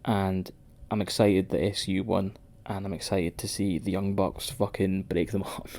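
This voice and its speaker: Male podcast co-host, low mellow tone, sweary rambling banter. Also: level tone, moderate pace. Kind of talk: casual wrestling podcast chat.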